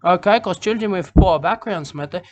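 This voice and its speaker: A man's voice: high-pitched, moderate pace, background noise, natural voice. A man voicing a rambling, self-important male bush poet in a comic monologue, repeating himself and tagging lines with "okay?" and "mate".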